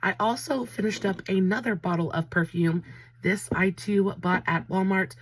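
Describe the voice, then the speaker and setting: A woman's voice: medium pitch, moderate pace, breathy edge, dry recording. A woman, chatting casually and emotionally through a product review. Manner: chatty, emotional, says y'all a lot. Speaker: beauty vlogger.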